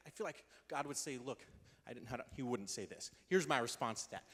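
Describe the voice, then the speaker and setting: A youth pastor, a man with a medium-pitched voice, speaks a little fast as he gives a casual youth sermon in a church hall. He's energetic and conversational, acting out quotes in different voices, and the recording carries the long reverb of a large hall.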